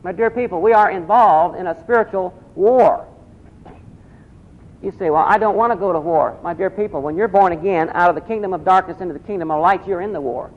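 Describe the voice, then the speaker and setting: Man preaching, high voice, repeats phrases, asks questions, dull lo-fi recording. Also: a little fast. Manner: repeats key phrases, asks the congregation questions, reads scripture aloud. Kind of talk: sermon.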